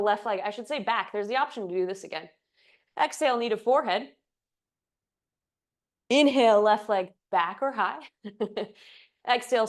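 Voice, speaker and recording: A woman teaching a yoga class, giving breath cues with playful, chatty asides, at times a little out of breath. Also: medium pitch. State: slightly out of breath. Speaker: yoga instructor. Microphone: clip-on mic, sometimes moved off.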